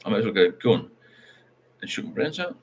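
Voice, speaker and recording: A fairly low-pitched older man talks fairly quickly with big swings in pitch, some background noise audible. Hosting a casual livestream, he reads viewers' comments aloud, rambles frankly, and tends to finish lines with tag questions.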